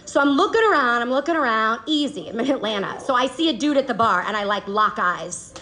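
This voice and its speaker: A woman's voice: on the high side, lively intonation, a little fast, sharp tone. A woman telling a personal story on stage to a live audience, laughing often and swearing casually. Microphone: handheld microphone. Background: faint audience.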